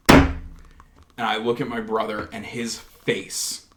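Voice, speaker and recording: A man's voice: mid-range voice, fairly even intonation, a little slow, background noise. A man, a paranormal investigator guest, earnestly telling a story in a casual podcast chat, with frequent restarts. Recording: roomy echo.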